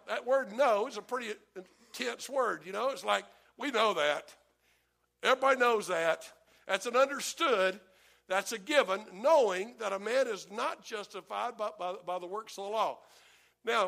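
Male preacher, high gravelly voice, animated, calls for amens. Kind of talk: sermon with congregation read-along.

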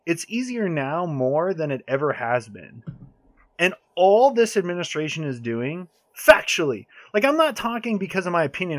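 A man's voice: high-pitched, a bit bright, dry recording. A man ranting hard in a casual podcast chat, heated and swearing often.

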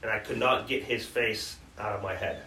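A male podcast co-host with a lowish voice earnestly recounts hard memories in conversation, often restarting his sentences. His intonation is fairly even, his pace moderate, and his tone sharp. The sound is roomy, from a distant mic with faint background noise.

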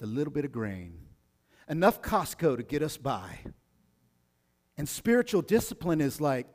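A man's voice: medium pitch, big pitch swings, normal speed, a little mellow, big-room sound. A male pastor preaching a sermon in a casual, slangy way, sometimes acting out the people he talks about.

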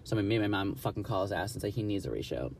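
A man's voice: fairly low pitch, lively intonation, fast talker, gravelly, a little mellow, slight background noise. A young man casually telling a story in a blunt, gossipy, profane way, acting out what others said. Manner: blunt, profane, gossipy, acts out quoted dialogue.

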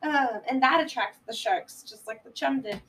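A woman's voice: a little high, moderate pace, fairly bright tone, distant mic, a little hiss or hum, low-quality recording. A woman chatting casually on a podcast, rambling through a movie plot and swearing freely. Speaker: podcast co-host. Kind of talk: casual chat recapping a movie.

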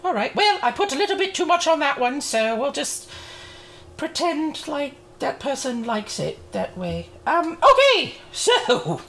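A woman playing a chatty, high-voiced Mrs. Claus. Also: fairly bright tone, slight background noise, exaggerated voice. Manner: chatty, rambling, cheeky asides. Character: cheerful motherly Mrs. Claus baking at the North Pole. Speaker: show host in character. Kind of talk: in-character cooking segment.

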